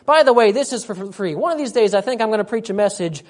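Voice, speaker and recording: A woman's voice: medium pitch, animated, quick pace, darkish tone, a little hiss or hum. A woman preacher delivering a sermon, emphatic, repeating her points and often urging "listen".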